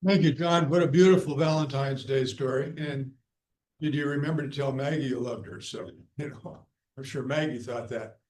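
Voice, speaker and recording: A man's voice: medium pitch, normal speed, darkish tone, a little hiss or hum. A man hosting a storytelling evening, friendly and informal, calling on people by name. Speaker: host. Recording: echoey room.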